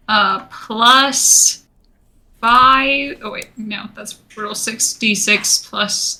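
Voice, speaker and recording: A woman with a very bright, sharp voice plays her character in a tabletop game. She hesitates and restarts as she works out rolls. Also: a little high, very slow, poor audio. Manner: hesitant, many fillers and restarts. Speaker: player.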